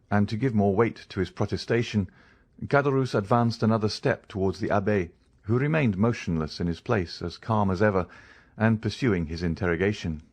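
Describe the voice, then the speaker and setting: A man narrating a classic novel in a measured, dramatic audiobook reading. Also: lowish voice, a little mellow. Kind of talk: scripted narration.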